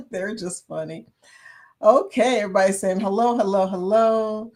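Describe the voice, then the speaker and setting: A woman's voice: mid-range voice, measured pace, a little mellow. Chatty woman hosting a live chat. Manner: chatty, laughs often, greets viewers by name. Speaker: livestream chat host. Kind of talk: casual live-stream chat.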